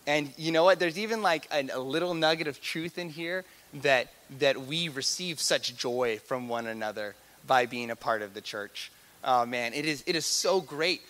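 A man preaching a sermon, animated and repetitive, swinging between loud emphatic passages and hushed, soft-spoken stretches. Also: medium pitch.

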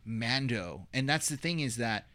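Playful male podcast co-host, bright and forceful. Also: mid-range voice, expressive, measured pace. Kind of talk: casual chat.

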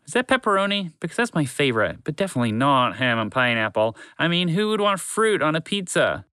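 A man doing a gentle rambling horse. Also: on the high side, big pitch swings, brisk, clear, resonant tone, no echo, clean studio sound. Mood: musing. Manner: gentle, meandering, absent-minded.

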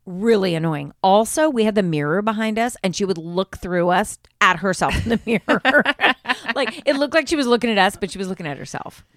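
A woman's voice: medium pitch, lively intonation, brisk, few pauses, a bit bright, no echo, clean studio sound. A woman co-hosting a podcast, telling a story in casual chat and acting out what people said, with a lot of swearing. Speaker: podcast co-host.

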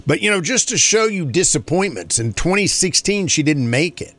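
Lively chatty male radio host. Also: on the high side, normal speed, no echo. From North Carolina. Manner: chatty and rambling, laughs often. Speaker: radio morning show host. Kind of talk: casual morning radio talk.

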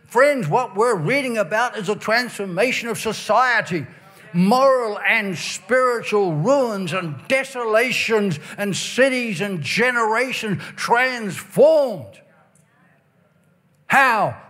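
A man preaching a revival sermon, stretching key words, breaking into shouts and a sing-song cadence while reading scripture. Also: sits high, expressive. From Ireland. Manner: emphatic, drawn-out stresses, bursts of shouting and sing-song phrasing.

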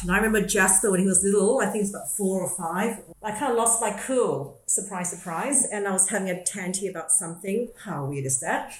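Australian woman, lower voice, relaxed podcast host, echoey room, laughs easily. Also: slight background noise. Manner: lively, laughs often, self-deprecating. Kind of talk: casual explanatory chat.

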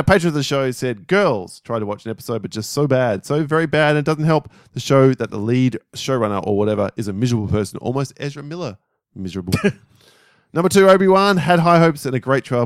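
A man co-hosting a podcast, reading out listener lists in casual, animated chat with frequent swearing and laughter. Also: medium pitch, fairly quick, dry recording, clean studio sound. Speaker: podcast co-host.

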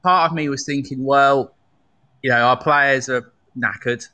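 Bloke thinking out loud on a chat show, lots of stops and restarts, dead dry sound. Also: male voice, mid-range voice, no room sound. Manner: thoughtful, halting, many restarts. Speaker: podcast co-host. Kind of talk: casual chat.

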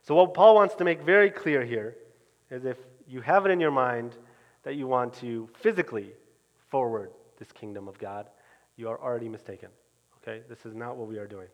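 Earnest preacher in a reverberant hall. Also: male voice, medium pitch, normal speed, dull audio. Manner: earnest, emphatic, drops to quiet at phrase ends. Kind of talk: sermon.

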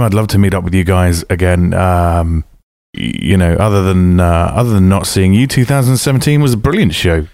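A man with a notably low, deep voice sends a casual recorded message to a podcast. He talks chattily and enthusiastically, with lots of ums and restarts. The recording is dry and close, with no room sound. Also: a little mellow, no echo.

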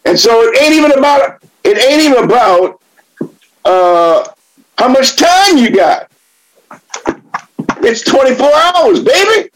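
High-voiced older man sharing at a meeting. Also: a little slow, poor audio. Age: 70s. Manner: animated, profane, laughing often, swings from shouting to quiet reflection. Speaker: AA meeting speaker. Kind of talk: sharing personal story at recovery meeting.

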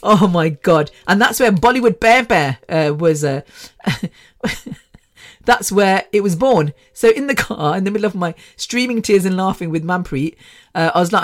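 Podcast host, woman in her 50s, mid-pitched voice, loose casual storytelling, laughs a lot. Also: animated, normal speed. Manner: chatty, rambling, frequent laughter and mild swearing.

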